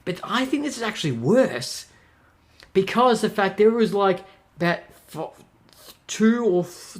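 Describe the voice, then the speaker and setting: A man hosting a podcast, giving a casual, exasperated movie review and repeating "no joke" as he retells scenes. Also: fairly high pitch. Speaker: podcast host reviewing films.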